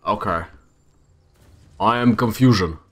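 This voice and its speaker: A man's voice: on the low side, slow pace, a bit bright. A young man casually commenting on his own gameplay, talking to himself with exasperated outbursts. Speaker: gamer. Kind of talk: let's-play commentary.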